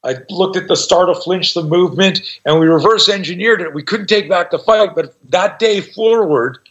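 Brief: man, 60s, self-defense teacher, raised-pitch lively storyteller, cussing, lo-fi dull recording. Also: normal speed. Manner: profane, animated, acts out voices in his stories. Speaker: self-defense instructor, guest. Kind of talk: storytelling in a conversation. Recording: dull lo-fi sound.

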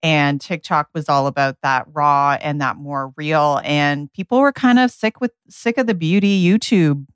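A woman's voice: sits low, moderate pace, hardly any pauses, clear, resonant tone, no room sound, studio quality. A woman co-hosting a podcast, talking conversationally and asking follow-up questions. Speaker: podcast co-host. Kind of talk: casual interview talk.

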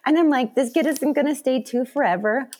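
A woman in her thirties, a podcast guest, chatting casually and acting out her own thoughts in animated asides. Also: high voice, fairly quick. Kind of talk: casual interview chat.

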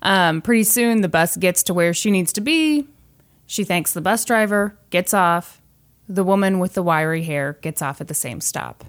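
A woman's voice: fairly low pitch, normal speed. A woman hosting a podcast, telling a creepy true story in casual chat and acting out the voices of the people in it. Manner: animated storyteller, acts out quoted voices. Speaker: podcast host.

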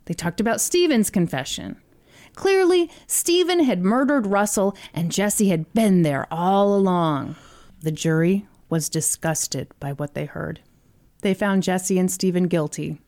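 A woman's voice: lowish voice, lively intonation, unhurried, darkish tone. A woman podcast host telling a story in a casual, chatty way, laughing between lines.

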